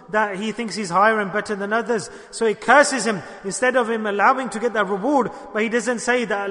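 A man preaching a sermon, animated, questioning his listeners and acting out dialogues. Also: sits high, long reverb tail.

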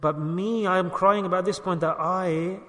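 Remorseful pleading man, voiced by a male preacher, soft broken tone, bright, echoing hall. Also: high-pitched, steady tone, normal speed. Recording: long hall reverb.

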